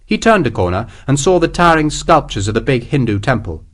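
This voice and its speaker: A man's voice: medium pitch, sing-song, brisk. A man reading an audiobook as its narrator in a dramatic, vivid way. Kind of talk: scripted narration.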